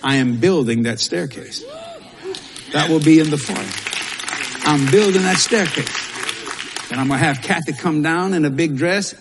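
A man's voice: fairly high pitch, measured pace, long pauses, a crowd in the background, noisy background. A male pastor, preaching a sermon in a folksy, repetitive way with Southern turns of phrase. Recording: long hall reverb.

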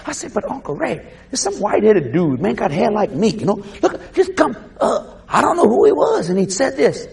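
A Cajun man preaching, telling a story animatedly, shouting out the voices he quotes and laughing often. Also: high-pitched, big pitch swings, normal speed, creaky, few pauses, husky. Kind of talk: sermon storytelling.

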